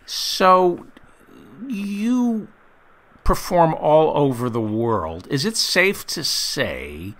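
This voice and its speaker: A man hosting an interview, asking quick questions and laughing easily at his guest. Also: fairly high pitch, big pitch swings, fairly bright tone. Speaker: host, interviewer. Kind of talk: casual interview chat.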